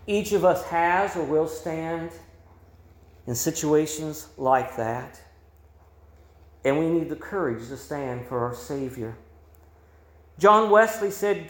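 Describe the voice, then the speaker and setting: A man's voice: on the high side, animated, takes it slowly, pauses often. A male pastor preaching a sermon with emphatic delivery, his voice swelling and dropping. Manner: emphatic preaching with rising and falling volume. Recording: roomy echo.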